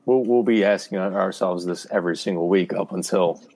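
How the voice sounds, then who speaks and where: A man co-hosting a casual sports podcast, matter-of-fact and quick to push back in the debate. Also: sits low, darkish tone, slightly rough.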